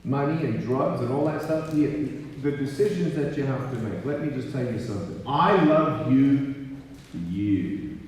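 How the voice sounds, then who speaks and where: A man giving a live motivational speech to students. He tells stories in an animated way and acts out the people he quotes. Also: mid-range voice, unhurried, slight background noise. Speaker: motivational speaker. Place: high school gymnasium. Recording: echoey gym, heard from far off.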